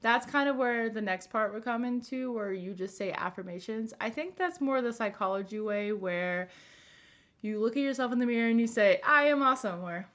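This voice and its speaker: A woman's voice: fairly high pitch, moderate pace, muffled recording. A young woman talking casually and earnestly in a personal wellness vlog, with lots of fillers and restarts. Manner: chatty and earnest, many likes and restarts. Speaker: wellness vlogger.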